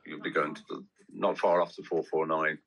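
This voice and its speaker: Deep, bright-voiced man in his sixties. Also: flat delivery, fairly quick, vocal fry, breathy edge, dull audio. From English West Midlands. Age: 60s. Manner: rambling, anecdotal. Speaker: guest. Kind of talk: casual chat.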